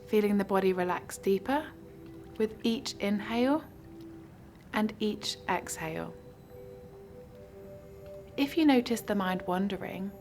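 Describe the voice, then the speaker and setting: A woman guiding a mindfulness practice with slow, soothing instructions. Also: mid-range voice. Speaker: mindfulness guide. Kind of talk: guided meditation.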